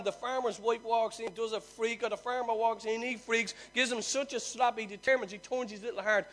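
A man preaching, telling a long story that swings from loud emphasis to near-hushed telling. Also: very high-pitched, fairly even intonation, fairly quick, few pauses. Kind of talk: sermon storytelling.

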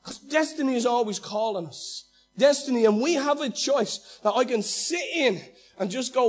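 A male pastor preaching with a very high, husky voice. He acts out quoted speech with animation, swinging from loud to hushed, while faint music plays underneath. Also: lively intonation, normal speed. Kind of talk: sermon.

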